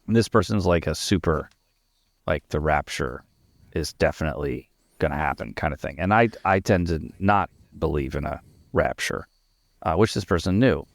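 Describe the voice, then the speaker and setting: Deep gravelly man telling a story. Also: normal speed, no room sound. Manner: animated anecdotal storytelling. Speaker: podcast co-host. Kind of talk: casual discussion.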